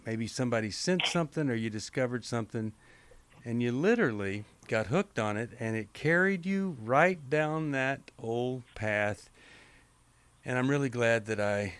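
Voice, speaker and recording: A man with a mid-range voice hosts a call-in show from a dry, close-miked studio. He speaks calmly and deliberately, walking a caller through his advice step by step. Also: medium pitch, clear, resonant tone, no room sound. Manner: calm, measured and coaching, with slow deliberate phrasing. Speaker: radio show host.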